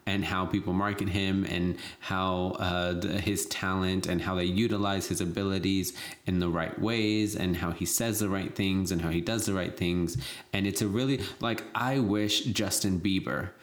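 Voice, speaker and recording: A woman with a very low voice talks through a casual podcast chat. She rambles from point to point in a chatty way and laughs easily. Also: steady tone, normal speed. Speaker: podcast co-host.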